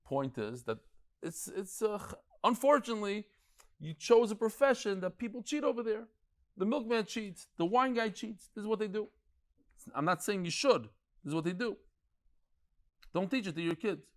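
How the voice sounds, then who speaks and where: Animated man teaching a class. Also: high voice, moderate pace, long pauses. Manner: animated, digressive, tells anecdotes and stories; frequent restarts and stammered repeats. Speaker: rabbi teaching a daily Talmud class. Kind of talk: lively storytelling lecture to a live class.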